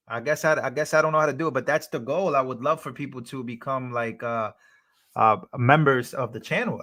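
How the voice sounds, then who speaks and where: A man's voice: a little high, fairly bright tone. A young man hosting a live stream, chatting casually, reading out chat messages and thanking donors.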